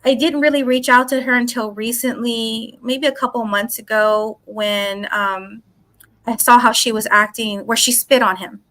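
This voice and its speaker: A woman, a psychic guest in a casual interview, telling her story in an animated way and acting out what people said, swearing freely. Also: on the high side, normal speed.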